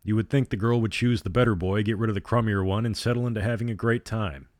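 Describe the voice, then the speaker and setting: A man narrating a storybook in a measured, even reading. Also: fairly low pitch, no echo, clean studio sound.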